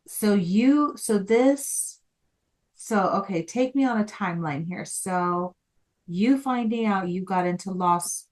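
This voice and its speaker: A woman hosting a podcast who asks hesitant questions and reacts with short, soft remarks. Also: mid-range voice, slow pace. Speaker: podcast host. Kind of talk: casual interview.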